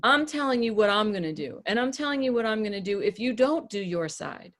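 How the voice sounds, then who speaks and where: A woman coaching a small group on a podcast, plain and direct. She speaks at a middle pitch in a firm, matter-of-fact way. She often acts out short examples as she goes. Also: lively intonation, brisk, fairly bright tone. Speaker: podcast host and relationship coach.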